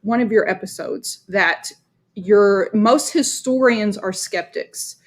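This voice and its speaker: A woman's voice: mid-range voice, slow. A woman from Dallas with a Texan accent, hosting a podcast and chatting with enthusiasm and easy laughter. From Dallas, Texas. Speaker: podcast host. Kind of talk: casual interview chat.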